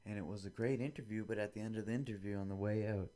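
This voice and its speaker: Talking at a quick pace in a mellow, lowish voice with fairly even intonation, this young solo podcaster rambles and plays both parts of imaginary dialogues. He's casual and throws in some profanity.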